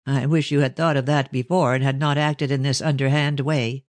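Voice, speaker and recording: A man reading an audiobook, voicing a stern, cold older gentleman speaking to his daughter. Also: mid-range voice, level tone, moderate pace, no room sound, natural voice.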